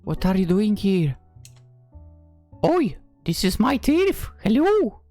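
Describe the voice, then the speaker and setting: A woman's voice: medium pitch, very animated, slow pace, warm tone, no echo, faint music behind, voice pushed up. A woman voicing a caring young woman who scolds a friend out of worry. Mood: worried. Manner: anxious, scolding.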